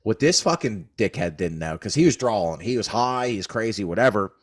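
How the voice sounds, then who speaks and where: Low-voiced man telling stories. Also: lively intonation, a little fast. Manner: rambling, profane storyteller. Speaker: podcast co-host. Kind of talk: casual storytelling chat.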